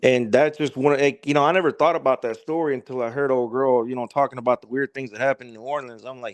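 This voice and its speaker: A man's voice: medium pitch, fairly even intonation, quick pace, few pauses, no echo. A man telling a story as a podcast guest in a loose, rambling way, with lots of fillers and swearing. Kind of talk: casual storytelling.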